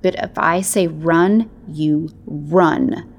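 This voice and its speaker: A woman voicing a protective young female wolf who gives firm, low warnings in a storybook reading. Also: extremely slow, gravelly, muffled recording, full character voice. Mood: firm, wary.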